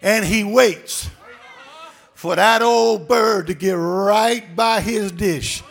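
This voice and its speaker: A male pastor preaching a sermon, swinging from low murmurs to shouts and calling out to the congregation. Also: slow, vocal fry. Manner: calls out to the congregation.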